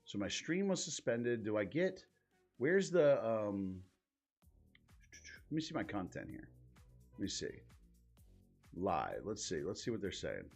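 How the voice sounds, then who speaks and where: A man's voice: on the low side, very animated, a little slow, long pauses, a little mellow, slightly rough, faint music behind. A man hosting a live stream in casual commentary, exasperated and swearing, muttering to himself as he searches his screen. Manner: profane, exasperated, thinking aloud while clicking around.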